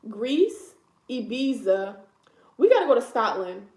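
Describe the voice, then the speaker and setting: Young woman, high-ish voice, playful teasing, casual travel chat, echoey room. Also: big pitch swings, a little slow, darkish tone. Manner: playful, teasing, laughs often. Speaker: travel vlogger.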